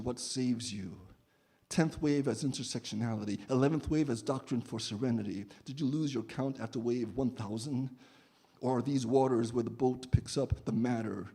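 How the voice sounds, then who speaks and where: A man's voice: medium pitch, creaky, mellow, slightly rough. A man performing his own poem with a chanting, repetitive cadence, then talking about poetry. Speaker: poet. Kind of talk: poetry reading and discussion.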